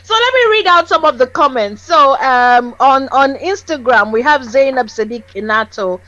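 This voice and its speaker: Animated Nigerian woman, high, muffled. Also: moderate pace. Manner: animated, laughs often. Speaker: co-host. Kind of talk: casual discussion.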